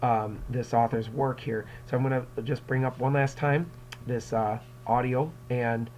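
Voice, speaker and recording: A man's voice: medium pitch, fairly even intonation, unhurried, a little mellow, a little hiss or hum, poor audio. A male English teacher giving a casual recorded lecture, rambling with many fillers and repeated words, and acting out quotes with raised voices.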